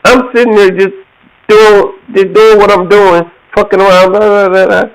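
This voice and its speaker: A man from Georgia, USA, casually tells a story, acting out other people's voices, laughing often and staying animated. His smooth, high-pitched voice moves at normal speed, but the audio is poor.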